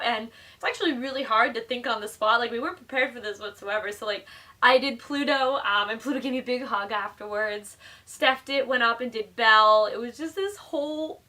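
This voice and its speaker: Bright, high-voiced chatty woman. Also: distant mic. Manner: chatty and animated, heavy use of "like", laughing often. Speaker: vlogger telling a story. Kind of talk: casual storytime narration.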